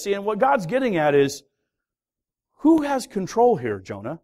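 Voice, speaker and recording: High-voiced male pastor preaching. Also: wildly swooping pitch, normal speed. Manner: dramatic storytelling, swings from loud to hushed. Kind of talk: sermon.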